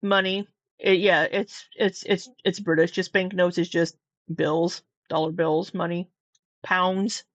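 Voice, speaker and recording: A woman's voice: on the low side, little pitch movement, slow pace, dry recording, highs cut off. Skeptical woman doing reaction commentary. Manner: skeptical, questioning. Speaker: commentary youtuber.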